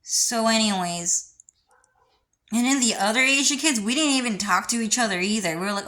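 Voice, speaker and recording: A woman's voice: on the high side, moderate pace, bright, forceful tone. A woman in a casual, rambling monologue, sarcastic and swearing freely.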